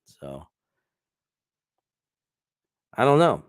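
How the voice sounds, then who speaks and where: A man's voice: medium pitch, huge pitch swings, extremely slow, dry recording, clean studio sound. A man hosting a live stream, chatting casually and rambling as he greets viewers by name and swears now and then. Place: home setup with screens.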